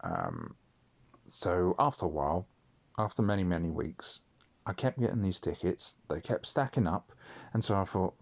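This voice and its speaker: A deep-voiced man rambling through a late-night anecdote, peppering it with swearing and plenty of ums. His delivery is loose and conversational, storytelling to himself in an audio diary. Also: sing-song, normal speed, vocal fry. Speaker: audio diarist. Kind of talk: casual storytelling monologue.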